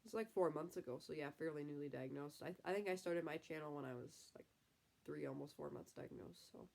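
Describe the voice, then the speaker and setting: A young Midwestern woman with a low, gravelly, somewhat dark voice hosts a livestream, chatting casually and briskly while she reads viewer comments. She sounds stuffed up from a cold and rambles with plenty of fillers in her Midwestern American accent.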